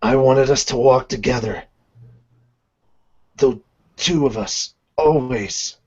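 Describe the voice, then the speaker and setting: A man voicing gruff dying Gajeel. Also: medium pitch, slow pace, darkish tone. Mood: grim. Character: gruff young male iron dragon slayer, dying. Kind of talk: amateur manga read-along dub. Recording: dull lo-fi podcast audio.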